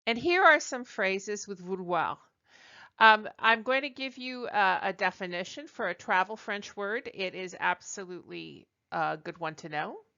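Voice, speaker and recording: Speaking slowly and carefully, a woman with a mid-range voice teaches a French lesson, her tone animated, bright and forceful. She fills pauses with ums and uhs and models each phrase clearly for listeners to repeat. The audio is a little dull and lo-fi.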